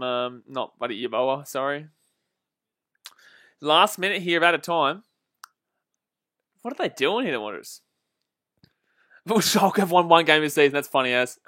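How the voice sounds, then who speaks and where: Bright-voiced man streaming football. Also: fairly high pitch, no room sound, clean studio sound. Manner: chatty, laughs often, swears casually. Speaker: livestream football watch-along host. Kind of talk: casual live commentary reading chat.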